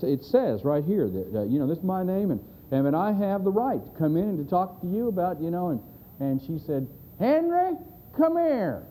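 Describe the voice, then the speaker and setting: A man's voice: on the high side, warm tone, slight background noise, rough recording. A man preaching a sermon, telling a folksy joke and acting out the voices. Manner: folksy storyteller, drawling, acts out voices.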